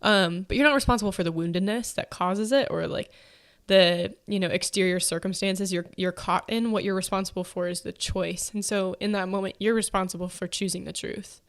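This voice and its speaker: A woman's voice: medium pitch, steady tone, a little fast, hardly any pauses. Young pregnant woman hosting a podcast, rambly and chatty, lots of likes and ums. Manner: chatty, many fillers and likes. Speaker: podcast host. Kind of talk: casual faith-based chat.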